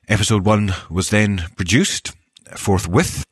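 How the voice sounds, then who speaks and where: A man hosting a podcast who chats in a light, good-humoured way and rattles off quick lists of thanks. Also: on the low side, lively intonation, no room sound, studio quality. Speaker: podcast host and newsreader. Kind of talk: casual podcast sign-off.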